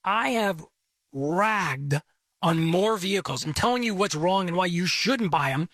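Chatty high-voiced male radio host. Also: expressive, unhurried, a bit bright, no echo. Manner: rambling and chatty, with many fillers. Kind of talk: casual radio talk.

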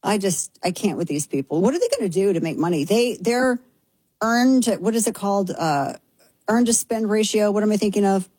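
A woman hosting a talk show delivers a brash, sarcastic opinion monologue that shifts quickly. Her medium-pitched voice is expressive, dark and husky, with no echo.

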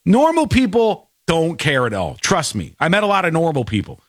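A man's voice: on the high side, very animated, fairly quick, few pauses, no room sound, studio quality. A man hosting a talk show, commenting in a mocking, exasperated way. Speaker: show host.

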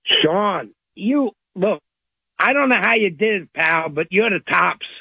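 A man's voice: high-pitched, animated, slow pace, vocal fry, bright, forceful tone, slightly rough, no echo, poor audio. An older man calling into a radio show, chummy and rambling. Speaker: caller.

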